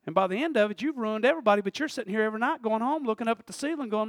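A man preaching a sermon in church, swinging from shouted passion to quiet, conversational asides and laughter. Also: sits high, very fast, few pauses, no room sound. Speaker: pastor. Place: church service.

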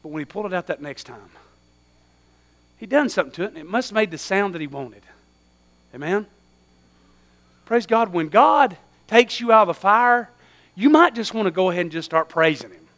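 A man preaching a sermon, swinging from hushed asides to loud, fervent cries. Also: sits high, lively intonation, moderate pace, pauses often.

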